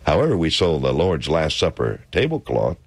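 A man, a former radio announcer, recalling his days on the air in an interview, speaking slowly and deliberately. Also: a bass voice, huge pitch swings, gravelly, no room sound. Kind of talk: interview recollection.

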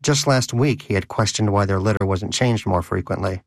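A man's voice: fairly low pitch, moderate pace, no echo. A man reading an audiobook story aloud with wry, dry humor. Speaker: narrator. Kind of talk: audiobook narration.

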